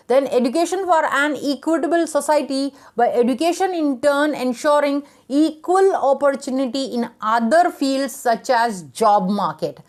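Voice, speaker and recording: A woman teacher giving an education lecture, reading out numbered points with occasional fillers and restarts. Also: high-pitched.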